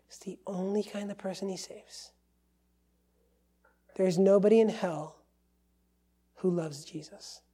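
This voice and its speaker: A male pastor preaching a sermon with a mellow, warm tone. He drives his points home emphatically, rising to loud declarations and dropping to near-whispered asides. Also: high-pitched. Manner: emphatic, swings from loud to hushed.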